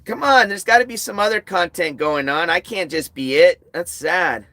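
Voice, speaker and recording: A man's voice: sits high, moderate pace, pushed and bright, no echo. Blunt sarcastic man talking to his stream. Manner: blunt, sarcastic, addressing chat directly. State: tired. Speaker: livestream host. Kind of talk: casual livestream chat. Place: outdoors at night.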